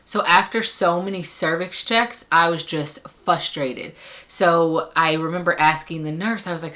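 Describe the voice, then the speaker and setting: A young woman vlogger casually telling her birth story to camera, animated and acting out the people she quotes. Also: a little slow. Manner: animated, acts out quoted voices with big pitch jumps. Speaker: parenting vlogger.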